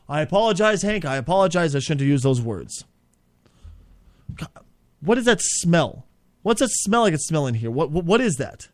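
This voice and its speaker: A man's voice: a little high, sing-song, moderate pace, no echo. A man hosting an improvised comedy show, ranting in a profane, exasperated, rambling way.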